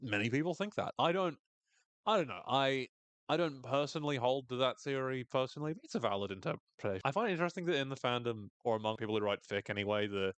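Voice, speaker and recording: Male podcast host, mid pitch, excitable recap talker who curses casually and mimics lines, recorded dry and close. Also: fast, smooth, no room sound. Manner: enthusiastic, swears freely, acts out quoted lines in shifting voices.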